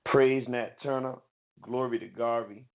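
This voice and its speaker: A man hosting a call-in radio show, talking to callers in a calm, plain-spoken way. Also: medium pitch, measured pace, clean tone, phone-quality sound. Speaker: radio host.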